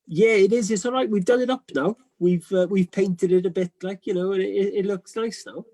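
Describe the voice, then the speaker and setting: A man's voice: high-pitched, fairly even intonation, fairly quick, mellow, rough recording. A Welsh man on a video call from home, chatting hesitantly with many ums and laughing easily. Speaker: guest barber. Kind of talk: casual chat. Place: at home, isolating.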